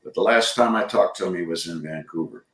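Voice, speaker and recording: An older man, a guest magician, reminiscing in a halting way over a video call. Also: sits low, fairly bright tone, slight background noise. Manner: halting, searching for words. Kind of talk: reminiscing conversation. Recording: echoey room, far from mic.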